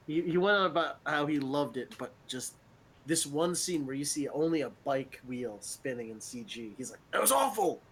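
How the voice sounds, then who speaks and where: A man's voice: mid-range voice, normal speed, a bit bright, rough recording. A man co-hosting a casual podcast chat, teasing and swearing freely. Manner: teasing, profane, mock-quoting a friend. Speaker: podcast co-host.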